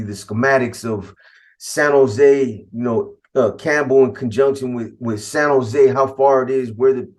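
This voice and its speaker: A middle-aged Californian man tells a story from his past in a blunt, profane street voice. His tone is casual, but it heats up when he quotes what he said back then. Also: medium pitch. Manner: blunt, profane street talk, animated when quoting himself.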